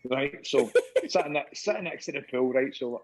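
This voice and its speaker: A man's voice: medium pitch, normal speed, rough recording. A middle-aged Scottish man, a former footballer, telling stories in casual chat, laughing and swearing often. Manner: laughing, swearing, animated anecdote-teller.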